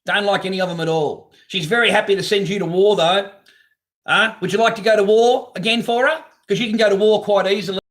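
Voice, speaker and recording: A man's voice: high-pitched, fairly even intonation, a little fast, fairly bright tone. A man hosting a live stream from his garage on a phone camera, talking casually in a blunt, profane, ranting way. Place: home garage.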